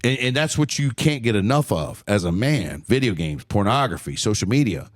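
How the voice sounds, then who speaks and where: A man's voice: on the low side, sing-song, normal speed. Blunt, profane man in his forties. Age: 40s. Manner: profane, blunt, heated, repeats words when worked up. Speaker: podcast host. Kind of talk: solo podcast rant.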